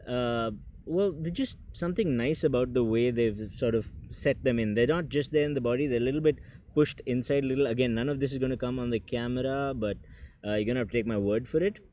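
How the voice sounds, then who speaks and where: A man's voice: mid-range voice, a little fast, dark tone. A man doing a casual tech unboxing vlog, chatty and joking, talking to the camera. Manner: chatty, self-deprecating, jokes aside. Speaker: tech reviewer. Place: indoors with people nearby.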